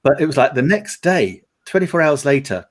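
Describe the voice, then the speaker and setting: A man's voice: a little high, big pitch swings, brisk. A middle-aged man from England, chatting on a live panel and telling anecdotes with frequent laughter. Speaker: panel guest. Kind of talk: casual chat.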